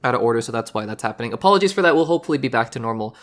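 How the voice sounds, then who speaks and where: A hoarse podcast host talks through movie news in a casual, rambling way. The voice sounds worn after recently being lost, and the host often doubles back on words and repeats phrases. The delivery stays earnest throughout. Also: mid-range voice, lively intonation, rapid-fire. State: hoarse from recently losing their voice.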